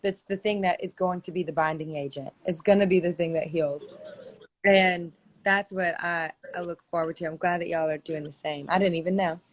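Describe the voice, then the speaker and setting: Eager woman, low-voiced. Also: steady tone, moderate pace, poor audio. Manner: warm, eager agreement and encouragement. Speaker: musician. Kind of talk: casual live-stream chat. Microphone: video call from a phone or computer.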